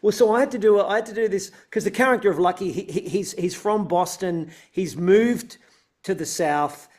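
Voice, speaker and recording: Easygoing Australian man, slightly high voice. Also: moderate pace, darkish tone. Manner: easygoing, chatty, laughs lightly. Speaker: actor, interview guest. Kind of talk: casual interview chat.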